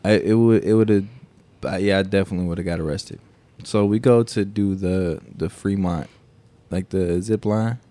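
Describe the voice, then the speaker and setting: A man co-hosting a podcast, telling a story in casual chat, animated and profane, acting out the quotes. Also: low-pitched, moderate pace, dry recording. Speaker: podcast co-host.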